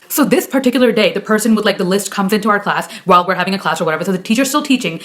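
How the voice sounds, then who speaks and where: A young woman telling a personal story in a casual vlog, talking quickly with lots of fillers and the odd swear word. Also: medium pitch. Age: young adult. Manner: rapid chatty storytelling full of fillers and swearing. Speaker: vlogger.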